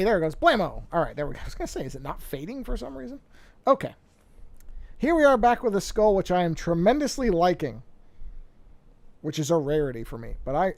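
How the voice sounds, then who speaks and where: A man livestreams his digital drawing and talks his way through it. His voice sits a little high and has a gravelly edge. He rambles and corrects himself, half talking to the viewers and half to himself. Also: darkish tone. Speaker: digital artist streaming a drawing session. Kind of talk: casual livestream talk while drawing.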